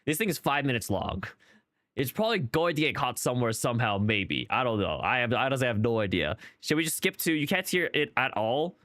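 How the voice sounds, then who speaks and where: A man's voice: medium pitch, big pitch swings, fairly quick, fairly bright tone, no echo, clean studio sound. A man streaming a game who rambles through casual commentary, questioning himself and restarting his sentences often. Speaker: gaming streamer.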